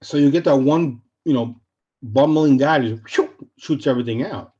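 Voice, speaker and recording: Blunt, animated man on a lo-fi line. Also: mid-range voice, moderate pace. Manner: blunt, animated storytelling with acted-out quotes. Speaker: real estate short sale specialist, podcast guest. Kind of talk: casual interview talk.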